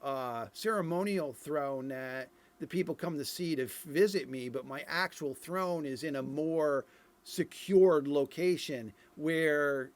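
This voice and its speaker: Middle-aged man, fairly high voice, rambling casual game commentary at a desk mic. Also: unhurried. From Ireland. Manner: rambling, thinks aloud with fillers and restarts. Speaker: streamer reviewing game dev footage.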